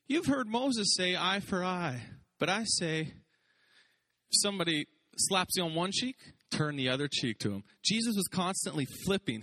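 Lively, joking male preacher. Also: high voice. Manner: lively, conversational preaching with quick jokes and acted quotes. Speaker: pastor. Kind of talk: sermon.

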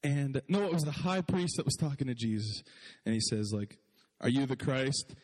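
A man's voice: mid-range voice, lively intonation, brisk, a little mellow, slightly rough, in a large hall. A man preaching a sermon in a casual, chatty way, often laughing and saying "like". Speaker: pastor.

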